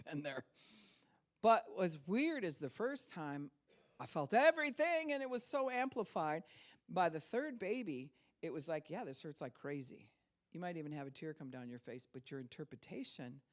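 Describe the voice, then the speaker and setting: A woman's voice: deep voice, big pitch swings, moderate pace. A middle-aged woman pastor giving a conversational sermon, acting out quoted voices and laughing now and then.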